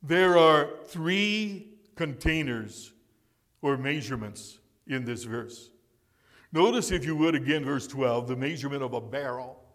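A man's voice: mid-range voice, measured pace, fairly bright tone. A man preaching a sermon as pastor, stressing and repeating key words for emphasis. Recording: long reverb of a large hall.

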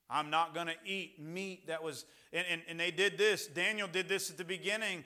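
A preacher delivering a sermon in a high, bright voice. He is emphatic, surging to loud peaks and then dropping to near hushes. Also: normal speed, hardly any pauses. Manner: emphatic, swings between shouting and hushed.

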